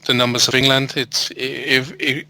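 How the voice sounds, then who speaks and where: Man, Danish accent, native Danish speaker, interview guest, repeats words, very bright voice, dry sound. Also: mid-range voice, level tone, moderate pace, gravelly, no echo, low-quality recording. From Denmark. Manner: repeats words while searching for phrasing. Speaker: interview guest, coach and author. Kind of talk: casual interview chat.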